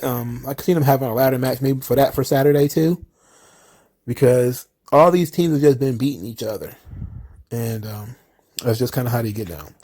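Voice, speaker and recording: Running a casual wrestling show by himself, a man of medium pitch talks with lots of animation and throws in quick impressions to ridicule wrestlers.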